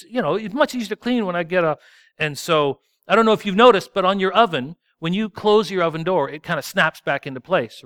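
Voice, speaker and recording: A man's voice: fairly high pitch, fairly bright tone, clean tone, dry recording, clean studio sound. A man preaching a sermon in a conversational, self-deprecating way. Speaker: pastor.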